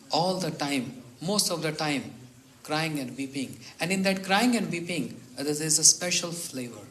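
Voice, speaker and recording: Slow-speaking man. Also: a little high, echoey room, rough recording. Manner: slow, measured, acts out dialogue quietly. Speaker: spiritual teacher. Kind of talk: storytelling sermon. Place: retreat hall.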